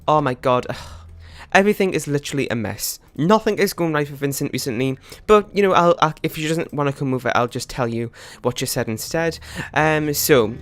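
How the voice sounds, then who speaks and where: A man giving casual gameplay commentary as a let's play host, rambling and chatty with many fillers and quick laughs. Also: on the high side, animated, fairly bright tone.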